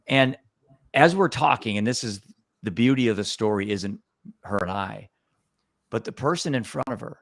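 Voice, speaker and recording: An earnest man tells a story with a low, gravelly voice. He is recorded close on a dry mic. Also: dry recording. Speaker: guest. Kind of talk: storytelling in a conversation.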